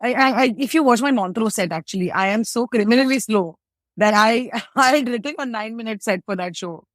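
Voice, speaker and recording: A woman's voice: on the high side, a little fast, no echo. A woman comedian from India with an Indian English accent. She talks animatedly in an interview and often restarts her sentences. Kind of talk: interview conversation.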